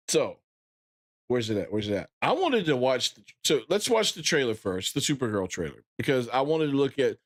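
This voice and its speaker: With a mid-range voice, a moderate pace and long pauses, a man in his thirties who streams games chats casually with his live audience. He grows animated as he retells things, erupting into loud, excited bursts.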